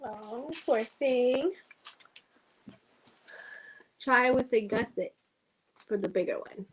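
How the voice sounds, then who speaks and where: A woman's voice: on the high side, takes it slowly, slightly rough, rough recording. A woman hosting a casual sewing livestream, thinking aloud and chatting to her viewers as she works.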